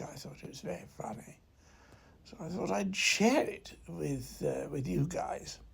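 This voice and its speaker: A man's voice: a little high, gravelly, husky. An English man telling a rambling comic story at home at night, stammering and half-whispering as he meanders and digresses. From England. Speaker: comedian.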